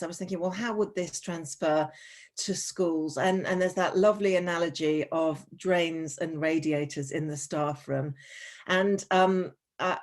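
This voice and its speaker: Presenting a webinar about wellbeing for teachers, this woman speaks at a fairly low pitch. Her delivery is frank and conversational, often broken by ums, restarts and sarcastic remarks.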